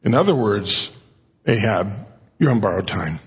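A man preaching a sermon in a conversational way, often clearing his throat and raising his pitch to act out quoted speakers. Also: very animated, moderate pace. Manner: frequent throat clearing and restarts. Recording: dull recording in a reverberant hall.

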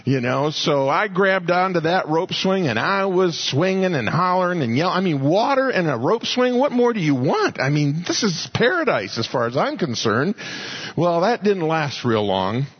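A man with a slightly high, husky voice delivers a sermon like he's chatting with friends, folksy and easygoing. The recording sounds a little dull and lo-fi. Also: big pitch swings, moderate pace. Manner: folksy, conversational storytelling. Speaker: pastor.

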